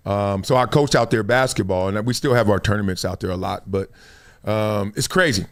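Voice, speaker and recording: Animated storytelling man from Los Angeles. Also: lowish voice, fairly quick. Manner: animated storyteller acting out scenes, slangy. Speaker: host. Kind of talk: casual storytelling monologue.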